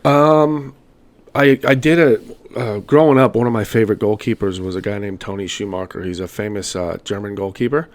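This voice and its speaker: A man's voice: lowish voice, steady tone, fairly quick. A man guest on a podcast, telling long rambling anecdotes in casual chat. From United States. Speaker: podcast guest, former goalkeeper.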